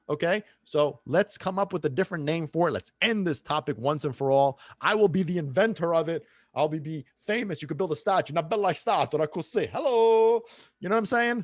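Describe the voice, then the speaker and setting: A man's voice: a little high, no room sound. A man hosting a solo podcast talks in a loose, joking way and slips Italian phrases into his talk. His voice rises and falls a great deal. It is recorded close and dry, with no room sound. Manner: animated, playful, drops into Italian phrases. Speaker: podcast host. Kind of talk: casual solo podcast rant.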